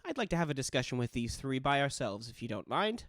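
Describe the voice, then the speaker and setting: A man voicing a calm, measured male conspirator who briefs a group of assassins in a tabletop role-play game. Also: medium pitch, no echo, clean studio sound. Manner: calm and measured, with small smiles.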